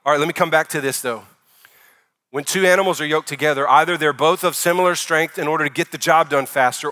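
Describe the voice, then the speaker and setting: A male pastor in his forties delivering a sermon in a bright, forceful voice. He preaches conversationally, pushing some phrases out loud and letting others fall to a near hush. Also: fairly high pitch, fast talker. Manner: conversational preaching, rising loud for emphasis then dropping soft.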